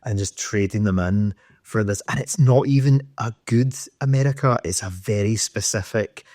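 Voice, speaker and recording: A man's voice: fairly low pitch, moderate pace, a little mellow, no room sound, studio quality. Sweary man ranting on a podcast. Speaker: podcast host. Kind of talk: casual chat.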